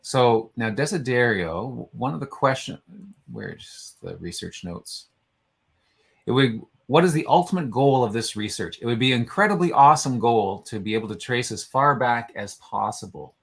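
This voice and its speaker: A man's voice: mid-range voice, expressive, normal speed, gravelly, breathy edge. A man co-hosting a casual online show, chatting in a rambling way as he reads out entries and trips over names. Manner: chatty, stumbles over names while reading. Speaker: co-host. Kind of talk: casual chat.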